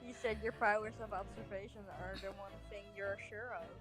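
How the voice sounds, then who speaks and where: A woman reading game dialogue in an even, steady way. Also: mid-range voice, brisk, over music.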